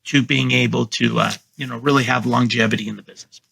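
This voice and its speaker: A middle-aged man, a guest real estate agent, talking casually in a podcast interview and confidently coaching how he pitches to sellers. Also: fairly even intonation, quick pace, creaky, a bit bright, husky. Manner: confident, coaching tone, acts out his sales pitch.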